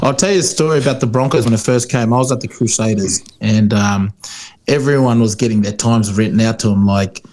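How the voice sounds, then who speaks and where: A man's voice: fairly low pitch, a little fast, a little mellow. Man, rugby podcast co-host, casual rambling storyteller with lots of fillers. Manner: storytelling, many fillers and restarts, acts out quotes. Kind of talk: casual chat.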